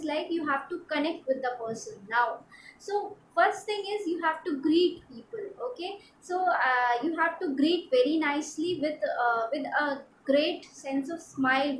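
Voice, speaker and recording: A woman from India, a personality development trainer, giving a halting instructional talk with many fillers and repeats. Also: high voice, a bit bright, reverberant, a little hiss or hum, rough recording.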